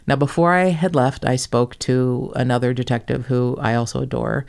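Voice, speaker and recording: A woman's voice: extremely low pitch, steady tone, moderate pace, vocal fry, a little mellow. A woman hosting a casual podcast, telling stories in a profane, self-mocking way and acting out the people she quotes. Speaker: podcast host.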